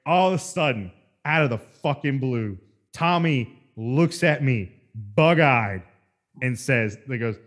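A man rambles through a story on a casual podcast, swearing freely and restarting his sentences again and again. His voice sits at a middle pitch and sounds like his ordinary everyday talk. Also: animated, slow. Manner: rambling, profane, restarts a lot. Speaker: podcast host.

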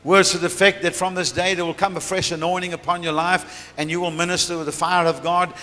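Bright-voiced man preaching in a hall. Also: sits high, little pitch movement, fast talker. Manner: storytelling with laughter. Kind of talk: sermon testimony. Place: large church hall. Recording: reverberant church hall, faint room noise.

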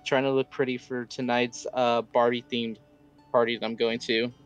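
Young man, joking and reassuring, mid-pitched voice, faint music behind. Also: flat delivery, moderate pace. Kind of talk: casual stream chat.

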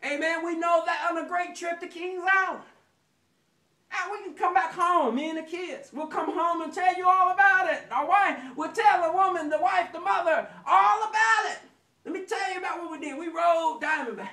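High-voiced preacher in an echoey church. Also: male voice, normal speed, bright, forceful tone, far from the mic. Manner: folksy storytelling, acts out anecdotes with sound effects; call and response. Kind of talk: sermon. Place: church sanctuary.

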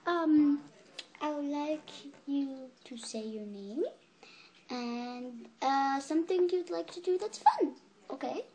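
A child voicing a fussy female pet camp counselor in a toy role-play video, halting with ums. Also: high-pitched, lively intonation, background noise, full character voice. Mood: bossy. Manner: fussy, calls campers honey, halting with ums.

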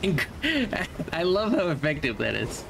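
A man's voice: fairly high pitch, huge pitch swings, a little slow, creaky, background noise. A young man streaming a video game, casually commenting and playfully talking to the enemies on screen. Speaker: let's play streamer.

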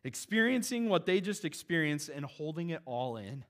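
Guy preaching, kinda high voice, chatty and animated like he's talking to friends. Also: moderate pace. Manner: conversational, animated preaching with casual asides. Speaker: pastor. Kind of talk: sermon.

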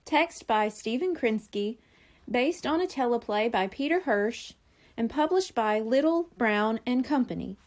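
A woman working as a librarian, reading a children's chapter book aloud with clear, expressive storytelling. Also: fairly high pitch, a little slow.

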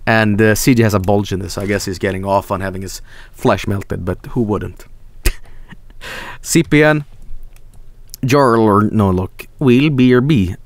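A man's voice: on the low side, unhurried, long pauses, no echo. A man streaming casually, reading out fan art and chat, rambling, swearing freely and breaking into silly voices.

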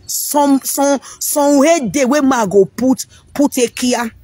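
Nigerian woman, husky voice, just chatting frankly, trips over words a lot, dry close sound. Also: high voice, slow pace, dark tone, no room sound. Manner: frank, rambling, repeats words mid-sentence. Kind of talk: casual monologue.

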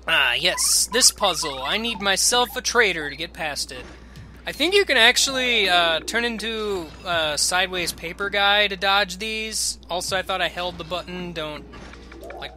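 Joking let's play guy, bright voice. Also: high voice. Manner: sarcastic, joking and rambling. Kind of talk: casual game commentary.

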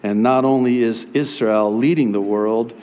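A male pastor preaching about prophecy from the pulpit, sarcastic and animated, mocking his critics in put-on voices. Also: medium pitch, measured pace, smooth. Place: church sanctuary.

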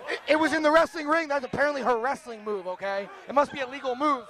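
This wrestling commentator calls the match play by play while joking around, laughing often and teasing his partner. His voice is very high-pitched, quick, pushed and bright.

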